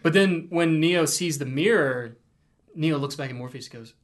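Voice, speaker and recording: A man's voice: fairly high pitch, normal speed. A man co-hosting a casual talk show about a film and faith. He thinks aloud in a reflective way and retells scenes. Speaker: podcast co-host.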